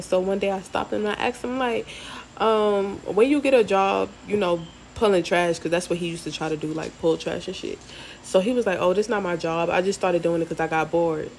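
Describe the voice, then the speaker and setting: A woman's voice: lowish voice, a little hiss or hum. Slangy woman telling a casual storytime. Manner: loose, slangy and animated, many "like" fillers. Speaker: storyteller recalling time in prison.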